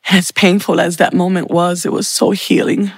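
A woman's voice: fairly low pitch, level tone, normal speed, husky, no echo, studio quality. A woman giving an earnest, heartfelt personal faith testimony. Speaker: testimony speaker.

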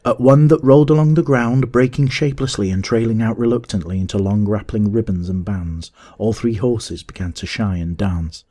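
A man narrating a classic adventure story in a measured, steady audiobook reading. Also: on the low side.

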